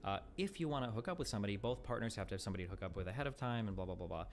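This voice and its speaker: Fast-talking blunt man, low voice. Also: animated. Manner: rapid, rambling, profane, heavy fillers; blunt, exasperated. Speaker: streamer. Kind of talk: casual livestream talk.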